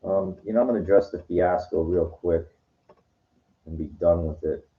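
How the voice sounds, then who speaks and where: A middle-aged man with a very low, deep voice tells a night-out story straight to camera. He rambles, restarts and swears as he goes. The recording sounds dull and lo-fi. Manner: rambling, halting, profane retelling. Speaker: vlogger.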